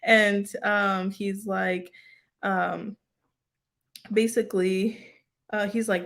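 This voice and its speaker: A woman teaching a casual Bible study in a chatty way, full of "like" and "um" and quick laughs. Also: mid-range voice, little pitch movement, creaky, a bit bright. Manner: chatty, lots of "like" and "um", laughs often.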